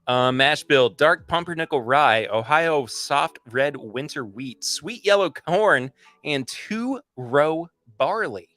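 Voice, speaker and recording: A man's voice: fairly high pitch, lively intonation, slow, sharp tone, dry recording. A man hosting a casual livestream podcast, chatting enthusiastically through tasting notes and rambling with restarts. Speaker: podcast host.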